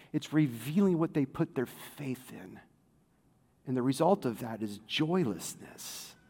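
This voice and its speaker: A male pastor preaching a sermon in a casual, animated way, full of fillers and asides. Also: medium pitch, vocal fry, slightly rough, big-room sound.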